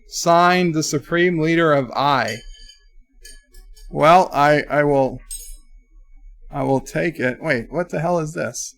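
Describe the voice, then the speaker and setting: A man's voice: on the high side, expressive, faint music behind. Chatty male livestream host. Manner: chatty, halting, with many restarts. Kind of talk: reading live chat comments aloud.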